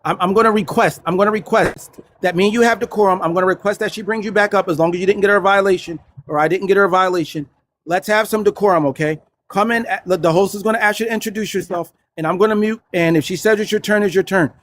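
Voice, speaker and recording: High-voiced passionate Philadelphia man. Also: quick pace, fairly bright tone. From North Philadelphia. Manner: passionate, voice rises when worked up. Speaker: caller. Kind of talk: heated live-stream debate.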